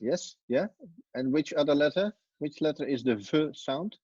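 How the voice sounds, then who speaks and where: A man teaching an online class, relaxed, quizzing students and explaining as he goes. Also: on the high side, normal speed, husky, no echo, lo-fi sound.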